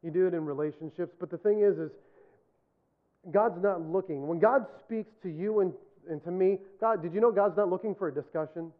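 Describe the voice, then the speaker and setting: Man, pastor, sermon, high voice, earnest, repeats points for emphasis, self-deprecating humor, tinny phone-like sound. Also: fairly quick.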